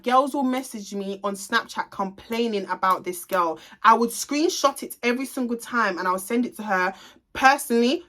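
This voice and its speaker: A woman's voice: fairly high pitch, sharp tone. A young adult woman, a salon owner, telling a storytime to her viewers in a blunt, gossipy way, swearing freely and talking straight to the audience. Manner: addresses viewers directly. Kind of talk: casual storytime vlog.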